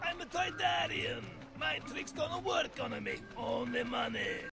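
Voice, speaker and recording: Watto, gravelly alien trader. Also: male voice, extremely high pitch, expressive, a little slow, heavily acted. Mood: scoffing. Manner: scoffing, haggling. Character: gruff greedy winged alien junk dealer. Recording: film clip with music behind.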